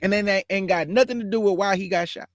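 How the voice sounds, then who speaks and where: A man with a notably high voice delivers fiery preaching-style commentary as the host of his own show. He hammers his points home with emphatic repetition, and the sound is dry and close with no room echo. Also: quick pace.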